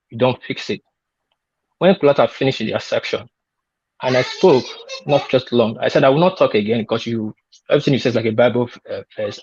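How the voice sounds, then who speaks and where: Man, panel guest, insistent, repeats himself, husky, dull lo-fi sound. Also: mid-range voice, dry recording. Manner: insistent, repetitive, talks over interruptions. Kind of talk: heated online panel talk. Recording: lo-fi call audio.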